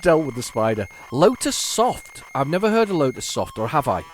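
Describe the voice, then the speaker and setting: A man's voice: mid-range voice, very animated, moderate pace, a little hiss or hum. A man hosting a retro gaming video, chatting casually and rambling through his commentary with many fillers and restarts.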